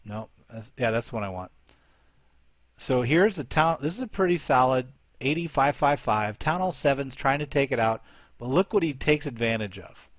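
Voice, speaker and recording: A man's voice: mid-range voice, animated, moderate pace, no echo. A man hosting a live show, commentating game attack replays and thinking aloud as he looks for each one.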